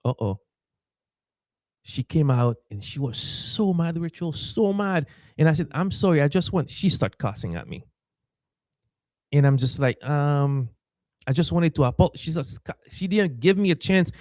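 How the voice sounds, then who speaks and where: Animated man telling a story. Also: medium pitch, moderate pace, dry recording, clean studio sound. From Haiti. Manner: animated, acts out quoted voices, stammers and repeats. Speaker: pastor. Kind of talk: storytelling in a podcast interview.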